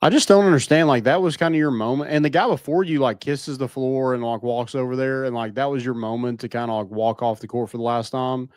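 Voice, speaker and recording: A man's voice: medium pitch, fairly even intonation, brisk, few pauses, a little mellow, clean tone, no echo. Rambling young man, dry close sound. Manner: rambling, lots of likes. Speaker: podcast co-host. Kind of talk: casual sports chat.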